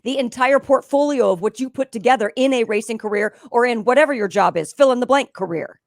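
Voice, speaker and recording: A woman's voice: on the high side, quick pace, no room sound, clean studio sound. A woman hosting a podcast, interviewing a guest in an affirming, reflective way. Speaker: podcast host.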